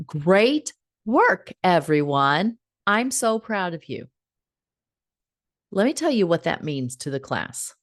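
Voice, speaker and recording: Brief: woman host, casual advice talk, lively pitch, acts out examples and laughs a lot. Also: no room sound, studio quality. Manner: animated, laughs often, acts out little scripts. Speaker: host giving relationship advice.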